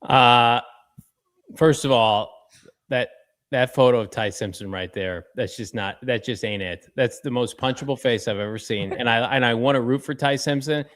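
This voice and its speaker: A man co-hosting a sports talk show, joking and animated, with sudden jumps in pitch. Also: normal speed.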